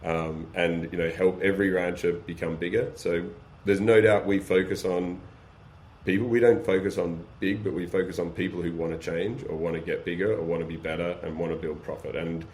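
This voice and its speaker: A man's voice: deep voice, steady tone, fairly quick, darkish tone, a little hiss or hum. A man on a podcast interview, explaining energetically with practical examples and rhetorical questions. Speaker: guest, beef supply chain business. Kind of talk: casual podcast conversation.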